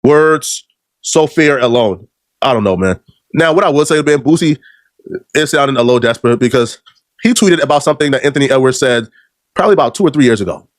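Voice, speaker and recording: A man hosting a commentary video, talking in animated, mocking slang on a close, dry mic. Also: mid-range voice, a little fast, no echo.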